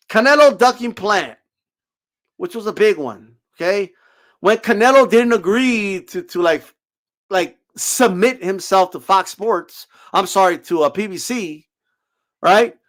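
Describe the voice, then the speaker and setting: A man's voice: high-pitched, a bit bright. A man giving a profane, sarcastic boxing rant, mocking critics and cutting them off. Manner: profane, sarcastic, mocks critics in put-on voices. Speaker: boxing commentator. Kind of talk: ranting commentary.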